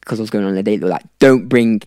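A man's voice: lowish voice, fairly even intonation, racing, dark tone, dry recording, studio quality. A young man from South Africa, a podcast guest telling a rambling story in casual chat. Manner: rambling, with fillers and laughs.

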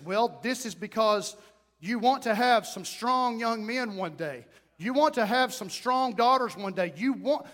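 Man, middle-aged pastor, emphatic folksy sermon, high voice, long hall echo. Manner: emphatic, folksy, swings between loud calls and low asides.

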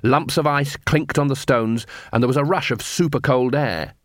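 Male audiobook narrator, measured delivery, mid pitch, dry studio sound. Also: a bit bright, no echo. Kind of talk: scripted narration.

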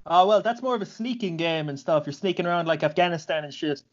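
A man's voice: on the high side, quick pace, muffled recording. A man, a jiu-jitsu practitioner, chatting casually and telling stories with lots of swearing. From Ireland. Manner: animated, profane storyteller. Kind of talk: casual chat.

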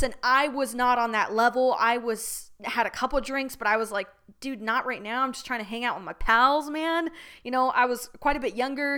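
A young woman tells a story in a casual, unfiltered way, swearing freely as she goes. Her voice sits a little high and sounds bright and forward. The tone is smooth and clear. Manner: candid, profane, animated storyteller. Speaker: podcast host.

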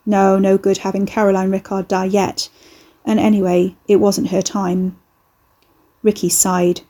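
Woman audiobook narrator, steady and even, mellow with a husky edge. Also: mid-range voice, measured pace. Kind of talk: scripted narration.

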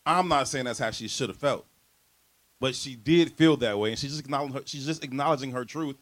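A man's voice: medium pitch, brisk, a bit bright. A man co-hosting a casual podcast, speaking in with a laid-back, reflective manner and frequent restarts. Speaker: podcast co-host.

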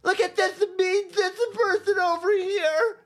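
A man's voice: little pitch movement, unhurried, fairly bright tone. A man putting on a whiny, panicking young protester who sobs and cries for help, mocking him. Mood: shrill whining. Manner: shrill, sobbing, mocking.

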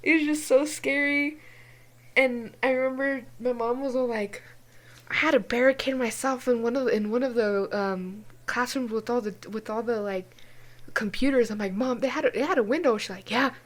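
A young woman from New Mexico tells a personal story on a casual podcast, her voice sitting a bit high. She talks in an animated rush, full of filler words and cursing. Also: normal speed. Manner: animated, swears often, many fillers. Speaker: podcast co-host.

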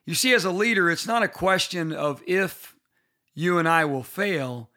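Bright-voiced earnest pastor teaching leaders. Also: male voice, high-pitched, moderate pace. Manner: earnest storytelling, personal and emphatic. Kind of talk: bible-based leadership teaching.

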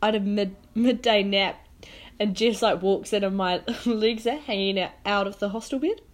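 A woman's voice: mid-range voice, normal speed. A young woman co-hosting a podcast, telling a travel story in casual chat, acting out her own lines with lots of "like". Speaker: podcast co-host.

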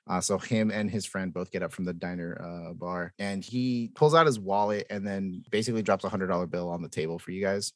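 Low voiced guy narrating a tabletop game, chuckles a lot, dry sound. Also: fast, hardly any pauses, no echo. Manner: descriptive, chuckling often. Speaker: game master.

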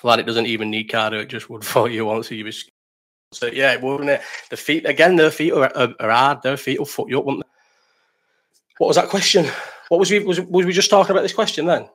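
A man's voice: medium pitch, steady tone, brisk, fairly bright tone. A man hosting a casual live stream, reading chat questions, rambling, swearing and laughing.

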